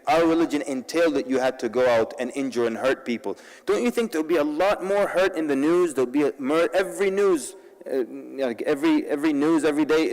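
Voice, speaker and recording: A man giving a humorous public talk at a convention, telling stories in an animated way and mixing in Arabic words. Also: medium pitch, long reverb tail, rough recording. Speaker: convention speaker. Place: large convention hall.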